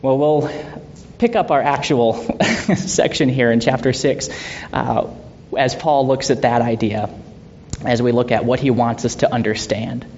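A man leading a Bible study in a conversational way, asking rhetorical questions and laughing softly now and then. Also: measured pace. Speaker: Bible teacher. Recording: dull lo-fi sound with faint rumble.

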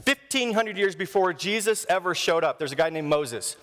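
A male pastor preaching a sermon, telling stories in an animated way. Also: sits high, normal speed. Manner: storytelling, animated. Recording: long hall reverb.

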